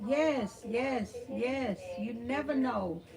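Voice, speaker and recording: A woman's voice: fairly high pitch, very slow, creaky, a crowd in the background. A woman with a Southeast Texas country accent hosts a live stream, answering the chat in a folksy way and calling viewers honey and girl.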